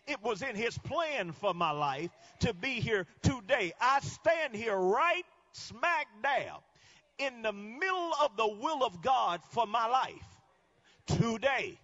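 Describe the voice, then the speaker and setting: A male guest preacher delivering a sermon, swinging between quiet teaching and shouted climaxes. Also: high voice, muffled recording.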